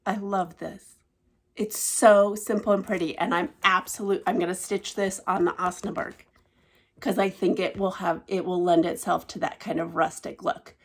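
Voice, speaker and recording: A woman vlogging casually about cross-stitch gifts, gushing and emotional, often dropping to a hushed, delighted voice. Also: on the low side, steady tone, normal speed. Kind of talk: casual show-and-tell vlog.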